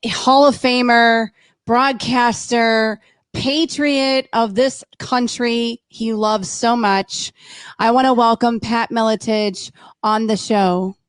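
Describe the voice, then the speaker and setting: An upbeat woman hosts the show with a gushing and enthusiastic delivery. Her voice sits slightly high, and the sound is close and dry. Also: steady tone, slow, clear, resonant tone, dry recording. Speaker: show host. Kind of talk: casual chat.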